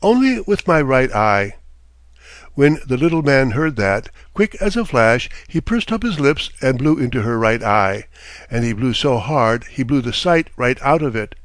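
A man's voice: mid-range voice, dry recording. Man reading a fairy tale, dry sound. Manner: measured, steady storytelling. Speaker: narrator. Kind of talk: storybook reading.

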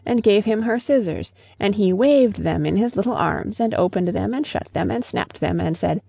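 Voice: medium pitch, animated, moderate pace, vocal fry, mellow, slightly rough, no echo. A storyteller reading a fable aloud in a storybook manner, speaking fondly to the listener. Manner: addresses the listener as "best beloved". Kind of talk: storybook narration.

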